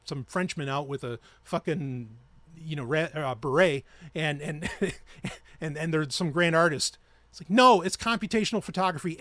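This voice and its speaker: Man, podcast host, high-pitched voice, heated profane ranting, dry close sound. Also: fairly bright tone, no echo. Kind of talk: ranting solo podcast talk.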